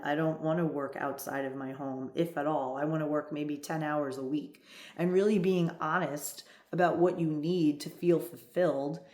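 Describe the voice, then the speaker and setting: A woman's voice: low voice, a little mellow. A woman in her fifties, a love coach, talking in a direct, emphatic coaching monologue and often checking in with "right?". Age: 50s. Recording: echoey room.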